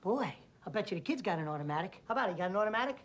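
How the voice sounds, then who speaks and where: An actor playing a jittery, fast-talking male witness who wisecracks and repeats himself in a rapid, pushy patter. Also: sits high, lively intonation, slight background noise. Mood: chattering.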